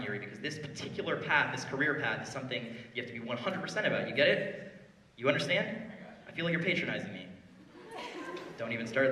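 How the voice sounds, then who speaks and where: A man giving a live spoken word performance, teasing a volunteer and swinging between hushed talk and yelling. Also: medium pitch. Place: performance hall before a live audience. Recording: echoey hall, voice caught from a distance.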